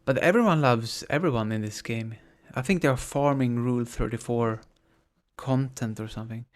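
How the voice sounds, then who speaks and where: A man's voice: mid-range voice, moderate pace. A man streaming a video game, casually thinking aloud as he plays, with game music behind. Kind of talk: casual gameplay commentary.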